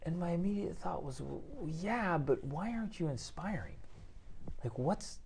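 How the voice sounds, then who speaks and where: A man's voice: fairly high pitch, expressive, normal speed, vocal fry, darkish tone, a little hiss or hum. A man in his forties co-hosting a casual parenting podcast. He talks bluntly and with emphasis, and acts out other people's voices in his stories. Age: 40s. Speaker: podcast co-host. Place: hotel room.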